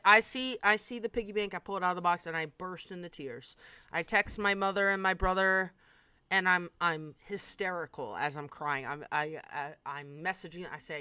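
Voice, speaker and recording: Young woman streamer, candid storyteller with a dark sense of humor and a dry, close sound. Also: lowish voice, moderate pace, smooth, no room sound. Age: 20s. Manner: candid, darkly funny, swears freely. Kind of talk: casual storytelling.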